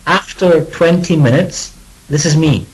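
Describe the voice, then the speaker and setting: A British English teacher runs a pronunciation lesson, saying each word clearly so students can repeat it after him. His voice is a little higher than most men's and his pace a bit slow, and he keeps things relaxed with joking asides as he demonstrates.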